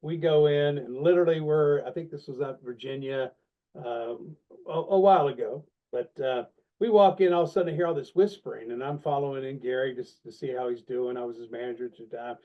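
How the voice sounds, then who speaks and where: A man's voice: medium pitch, fairly quick. Storytelling man on a dull, lo-fi recording. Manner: self-deprecating, animated storyteller. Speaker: guest, longtime sales leader. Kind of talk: casual podcast interview. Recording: dull, lo-fi sound.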